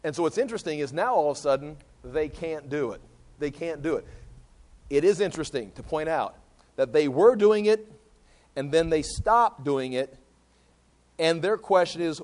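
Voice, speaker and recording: Man preaching through scripture, a bit high. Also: animated, normal speed, darkish tone. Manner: conversational, repeats words while thinking aloud, reads scripture aloud. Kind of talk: Bible teaching sermon.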